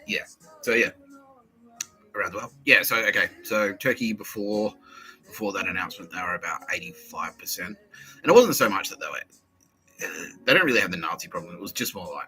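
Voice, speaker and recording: Male podcast host, low and sharp-edged, swearing and rambling, music in the back. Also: expressive, a little fast, long pauses, low-quality recording. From Australia. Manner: crude and profane, swings between loud bursts and mumbles. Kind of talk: rambling comedic monologue.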